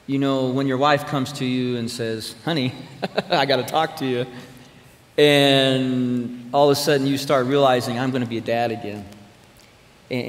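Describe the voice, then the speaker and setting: Emphatic preacher man in a hall. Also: medium pitch. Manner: conversational, emphatic, addresses the congregation directly. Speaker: pastor or church speaker. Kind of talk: sermon storytelling. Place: church sanctuary with an audience. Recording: reverberant hall, faint room ambience.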